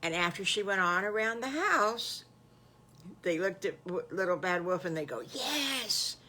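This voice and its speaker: Brief: older woman, folksy storyteller, a bit low, soft-spoken. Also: normal speed. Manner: folksy, gentle, homespun. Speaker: storyteller grandmother. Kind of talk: improvised children's story.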